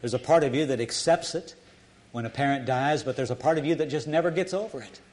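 A man's voice: mid-range voice, fast, a little mellow. An older man preaching a sermon in an earnest, folksy storytelling way, often restarting his sentences.

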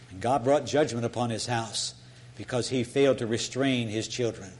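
A man's voice: mid-range voice, moderate pace. An older man preaching a sermon in an earnest, folksy storytelling way, often restarting his sentences.

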